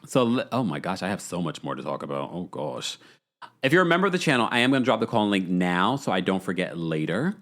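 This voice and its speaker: A man hosts a live reality TV recap stream, talking straight to his viewers. His voice sits low but swings high when he gets excited, and he keeps reading chat comments aloud between bursts of laughter. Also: fast talker. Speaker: podcast host.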